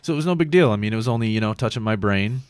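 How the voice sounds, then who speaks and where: Brief: podcast host, man with a very deep voice, dry close sound, rambling and profane. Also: lively intonation, rapid-fire, smooth, dry recording. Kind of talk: casual chat.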